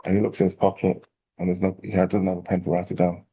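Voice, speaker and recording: Male rabbi, low gravelly voice, animated storyteller. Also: fast talker, lo-fi sound. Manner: animated storyteller, acting out quotes. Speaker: rabbi teaching a class. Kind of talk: storytelling Torah class.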